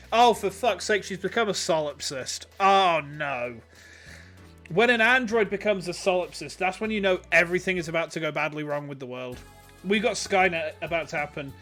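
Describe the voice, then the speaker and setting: A man's voice: high-pitched, animated, normal speed, a bit bright, soft background music. A man streaming a game in casual chat, joking, swearing and laughing often.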